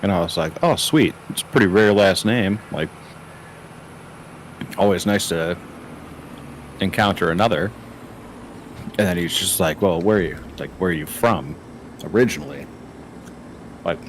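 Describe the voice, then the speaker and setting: A man's voice: sits low, normal speed, pauses often, a little hiss or hum. A man chatting casually while gaming, telling a laid-back story.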